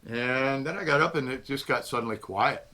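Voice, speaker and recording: A man's voice: mid-range voice, moderate pace, bright, forceful tone. An older man hosting his own channel, telling a rambling folksy story in a casual reminiscing way and chuckling often. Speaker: host.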